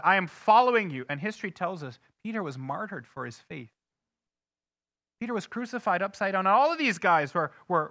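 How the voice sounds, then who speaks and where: A male pastor preaching with a high, bright, forceful voice. He swings between hushed, low asides and loud, emphatic questions to the congregation. The sound is dry and close, with little room echo. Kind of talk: sermon. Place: church sanctuary.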